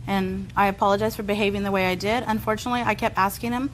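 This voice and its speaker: Woman litigant, rapid speech, defensive, apologetic. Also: medium pitch, fairly even intonation, a little hiss or hum, low-quality recording. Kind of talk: courtroom testimony.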